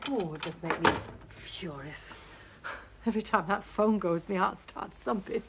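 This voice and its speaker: A woman's voice: mid-range voice, unhurried, slight background noise, natural voice. An actress playing a flustered mother anxiously waiting by the phone in a television soap, fretful and short with people. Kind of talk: 1980s television soap acting.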